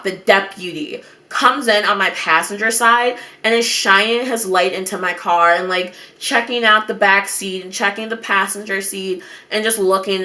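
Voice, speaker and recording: A young woman vlogger telling a dramatic story in an animated, over-the-top way, swearing now and then. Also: medium pitch. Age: young adult.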